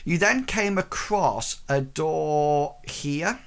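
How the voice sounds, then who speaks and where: A man running a tabletop game as game master, recapping events slowly with many pauses and fillers. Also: fairly high pitch, animated, smooth.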